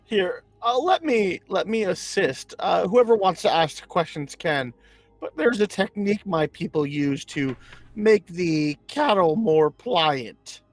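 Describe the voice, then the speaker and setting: A man calmly playing his character in a tabletop game, matter-of-fact. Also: high-pitched, takes it slowly, faint music behind. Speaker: player.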